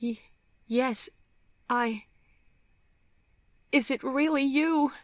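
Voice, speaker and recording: A woman voicing an older grandmother who is crying, speaking in halting, breathy, often whispered lines. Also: fairly low pitch, fairly even intonation, no room sound, studio quality, pitched above the performer's own voice. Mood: tearful. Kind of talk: audiobook character voice.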